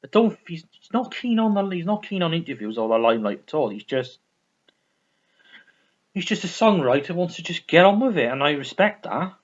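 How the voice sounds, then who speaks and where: Very animated and fairly quick, a man with a high-leaning voice gushes about his vinyl in a casual vlog. He rambles and often says the same things again, and the lo-fi audio is dull.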